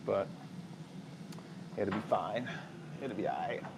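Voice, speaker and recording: A man's voice: lowish voice, takes it slowly, creaky, very noisy. A young man, chatting casually to viewers as he cooks in his home kitchen. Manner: relaxed, chatty, talks to viewers while cooking. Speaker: family vlogger cooking. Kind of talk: casual cooking vlog chat.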